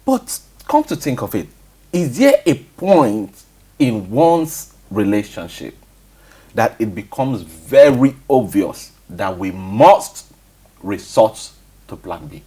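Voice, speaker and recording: A man's voice: lowish voice, big pitch swings, slow, dark tone, husky. A man with a Nigerian English accent hosting a talk show, posing questions to the panel and prompting with "mm". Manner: asks questions, frequent "mm" and "hmm" backchannels. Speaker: host.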